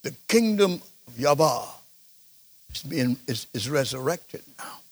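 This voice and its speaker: A male preacher delivering a sermon, slow and emphatic, repeating phrases for stress. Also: medium pitch, big pitch swings.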